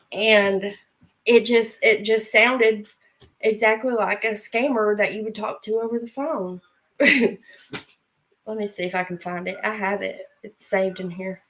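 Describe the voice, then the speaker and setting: A middle-aged woman and mother hosting a casual live stream, chatty and unhurried, with frequent fillers and laughs. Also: mid-range voice, a bit bright, rough recording.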